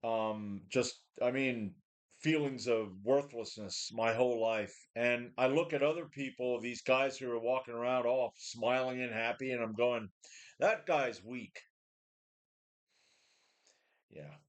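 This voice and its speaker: A man's voice: mid-range voice, fairly even intonation, normal speed. A man in his forties talking casually to his webcam from a home gym, blunt and profane, often sighing and restarting. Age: 40s. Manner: blunt, profane, weary, full of sighs and restarts. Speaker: vlogger. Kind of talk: casual rambling talk to a webcam.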